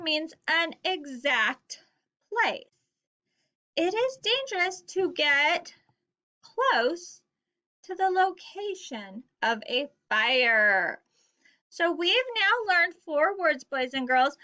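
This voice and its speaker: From home, a woman records a reading lesson for young pupils, speaking slowly and spelling things out. Her high, bright voice carries clear, encouraging teacher talk, though the recording itself sounds dull and lo-fi.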